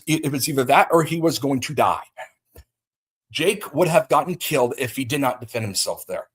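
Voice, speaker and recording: This is livestream commentary from a male host who is worked up over a feud and keeps starting his thoughts over. He speaks at a medium pitch with a somewhat bright tone.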